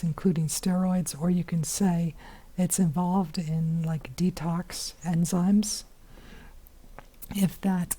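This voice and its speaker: A hoarse woman teaching biology in a chatty recorded lesson, with many fillers and whispery asides. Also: on the low side, dark tone.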